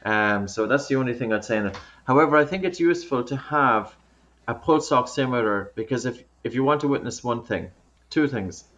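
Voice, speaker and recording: A man speaks in a medium, everyday pitch, patiently explaining things step by step. He often restarts and repeats words as he goes. His voice comes through remote call audio. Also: expressive, fairly quick, fairly bright tone, muffled recording. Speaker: breathing coach. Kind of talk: interview, explaining.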